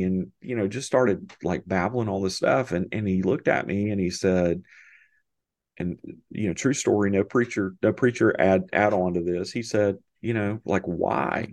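A middle-aged man, a podcast guest, telling a personal story in a halting, emotional way with many restarts. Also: deep voice, darkish tone, no echo. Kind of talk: conversational storytelling.

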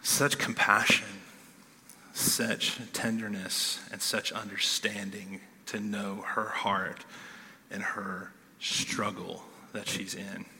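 A man preaching a sermon in a casual, animated way, often checking in with "okay?", in a church hall. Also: on the low side, slow. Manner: conversational, animated, keeps asking "okay?". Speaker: pastor.

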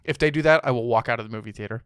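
A man's voice: medium pitch, very fast, a bit bright, clear, resonant tone, dry recording, studio quality. A young man co-hosting a podcast, talking casually in a blunt, joking way and swearing freely. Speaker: podcast co-host. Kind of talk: casual chat.

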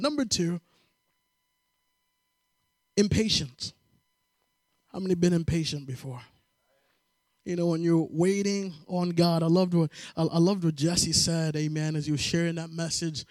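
A man preaching a sermon, telling a personal story with lively acted-out voices and calling for amens. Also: on the high side, a little slow, pauses often, no echo, studio quality. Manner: animated storytelling, acts out voices, call-and-response amens. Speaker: pastor.

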